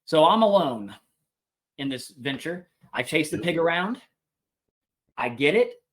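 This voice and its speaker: A man, a homesteader guest on a podcast, telling a funny animal story in a casual, animated, self-deprecating way. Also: a little high, unhurried.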